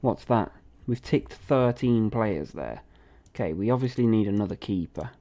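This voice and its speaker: A man's voice: on the low side, lively intonation, normal speed, warm tone. A young man, chatting casually and reacting aloud as he plays a football management game. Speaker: gaming video host.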